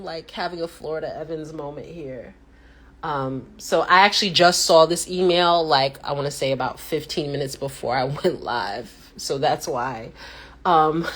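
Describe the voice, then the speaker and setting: A woman hosting a casual live chat, telling stories with animated reactions and acting out what people said with sudden pitch jumps. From United States. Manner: animated storyteller who acts out quotes with sudden pitch jumps. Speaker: host.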